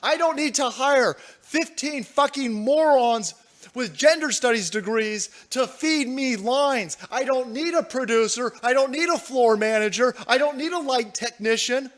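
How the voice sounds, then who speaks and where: A man's voice: very high-pitched, measured pace, fairly bright tone. A man hosting a livestream, delivering angry, profane, combative political commentary. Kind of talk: ranting live commentary.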